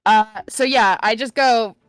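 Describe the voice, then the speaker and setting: Slow, hesitant woman player. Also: a little high, clean tone, no echo. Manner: hesitant, giggly, filler-heavy. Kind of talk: tabletop game play.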